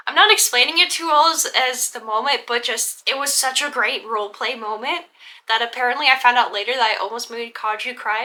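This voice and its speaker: Bright-voiced young woman telling a story. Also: fairly high pitch, normal speed. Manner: rambling, many fillers and restarts, acts out quoted dialogue. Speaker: vlogger recounting a LARP event. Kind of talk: casual storytelling vlog narration.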